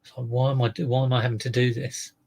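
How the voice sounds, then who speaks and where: A man's voice: medium pitch, level tone, fast, a little mellow, husky. A man talking unhurriedly to his live-stream viewers in a rambling, chatty way.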